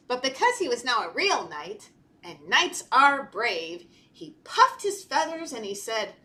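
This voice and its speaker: A woman children's librarian reading a picture book aloud to toddlers, animated and playful, gasping and talking to the children. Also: on the high side, a little slow. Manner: animated, talks to children, gasps and laughs. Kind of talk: storytime read-aloud. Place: library storytime video.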